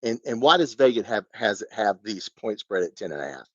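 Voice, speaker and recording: A man's voice: lowish voice, very animated, a little fast, a bit bright, husky, dry recording, highs cut off. A man in his fifties hosting a live fan stream, ranting and rambling with lots of rhetorical questions. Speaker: fan channel host. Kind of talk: live-stream sports rant.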